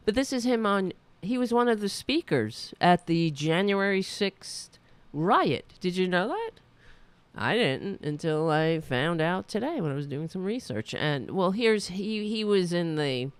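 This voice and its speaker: A woman ranting on her own commentary show, her pitch leaping and dropping all over. She rambles, restarts and gets heated. The sound is dry and close, with almost no room around her. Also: smooth, no room sound. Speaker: podcast host. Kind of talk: solo political commentary.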